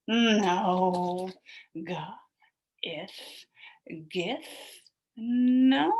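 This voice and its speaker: A woman's voice: medium pitch, big pitch swings, extremely slow, pauses often, fairly bright tone, slightly rough, poor audio. A woman teacher leading a phonics lesson for young children, sounding out word parts, blending them and praising the class in a sing-song way. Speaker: elementary school teacher.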